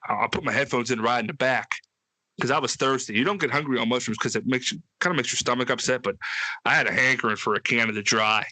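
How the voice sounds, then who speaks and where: A man's voice: medium pitch, quick pace, dry recording. A man telling a wild story on a casual podcast, swearing freely and acting out quotes in a raised voice. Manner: profane, animated, acts out quotes with a raised voice. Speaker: podcast co-host.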